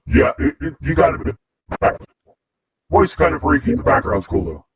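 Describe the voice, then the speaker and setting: A man's voice: on the high side, wildly swooping pitch, moderate pace, slightly rough. A man in casual video chat whose voice runs through a voice changer, joking and laughing as he talks to strangers. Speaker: host chatting with strangers online. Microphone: computer mic on a video chat.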